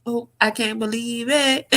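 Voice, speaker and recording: A woman chats through a casual commentary vlog in a bright, forceful voice. She is loud and profane, talks straight to her viewers as y'all, and keeps breaking into high shrieking laughter. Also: steady tone, takes it slowly. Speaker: YouTube commentary vlogger.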